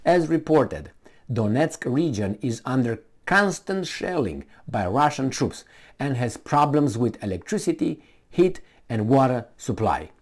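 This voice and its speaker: A man's voice: medium pitch, big pitch swings, a little slow, darkish tone. A man giving a casual commentary for a video, sarcastic and rambling, with many fillers and false starts.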